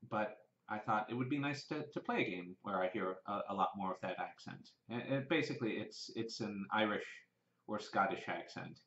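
A man's voice: lowish voice, a bit bright. A man from the American South with a Southern accent, musing aloud in a casual vlog and rambling through restarts and fillers. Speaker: vlogger. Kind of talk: casual thinking-aloud monologue. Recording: roomy and dull, lo-fi.

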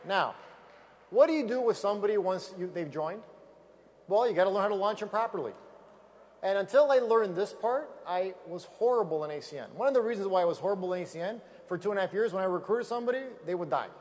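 A man giving an energetic motivational talk on stage with slides, emphatic and repeating key phrases for effect. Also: high-pitched, fast, big-room sound. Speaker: business opportunity speaker.

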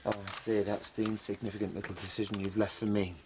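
An actor as a bitter, sarcastic husband. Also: male voice, lowish voice, level tone, fast talker, noisy background, lightly acted.

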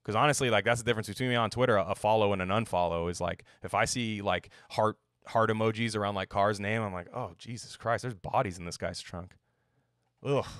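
A man's voice: on the low side, fairly bright tone, no echo, clean studio sound. A young man hosting a sports podcast, rambling in a casual, sarcastic way and swearing now and then.

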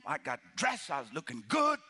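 This middle-aged man is a pastor narrating a sermon story at normal speed. His fairly high voice has a breathy edge, and his acted-out telling jumps between shouting and near-whispering.

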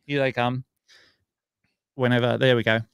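A man's voice: medium pitch, level tone, normal speed, vocal fry, smooth, dry recording, studio quality. A man co-hosting a casual sports podcast, rattling off stats and joking about himself. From Australia. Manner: chatty, rattles off stats, self-mocking. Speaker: podcast co-host.

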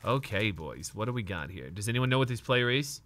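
Opening trading card packs on a live stream, this young guy sounds both thrilled and anxious as he talks to his chat, letting a swear word slip now and then. He speaks briskly at a fairly low pitch.

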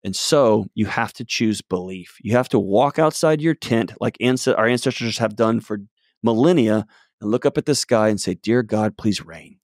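A middle-aged man talking as a guest expert, telling stories emphatically with sudden jumps up and drops to soft low tones. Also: moderate pace, dry recording, studio quality. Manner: emphatic, swings between loud excited and soft low tones. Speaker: guest mental health expert. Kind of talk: animated storytelling in conversation.

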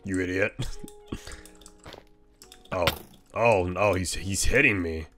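A man streaming a game, giving casual, excitable commentary, laughing often and teasing other players. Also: deep voice, takes it slowly, over music.

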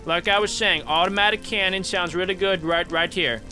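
A young man commenting on a Minecraft game as a gaming YouTuber, excitable and jokey, with sudden high yelps. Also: normal speed. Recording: game music playing clearly behind.

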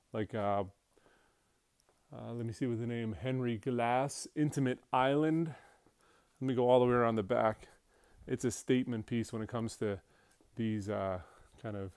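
A man's voice: medium pitch, darkish tone, clean tone, no echo. A man from an auction house narrating a casual walkthrough video of a large showroom, chatty and enthusiastic, with frequent fillers and restarts.

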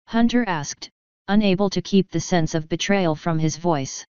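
A woman reading a fan story aloud in steady storybook narration. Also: lowish voice, normal speed, clear, resonant tone, dry recording, highs cut off. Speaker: fanfiction reader.

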